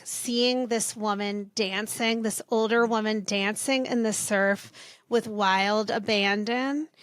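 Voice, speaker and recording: A woman's voice: on the high side, fairly bright tone, no echo, studio quality. A woman podcast host and therapist speaking in casual interview chat, gushing and effusive.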